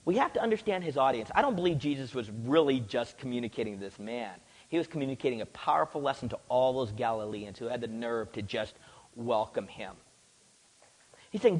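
Male preacher, sermon, lively and expressive, husky edge, long hall echo. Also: medium pitch, brisk. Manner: animated, acts out quoted voices.

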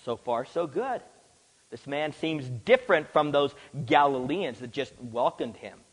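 Male preacher, sermon, lively and expressive, husky edge, long hall echo. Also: fairly high pitch, unhurried. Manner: animated, acts out quoted voices.

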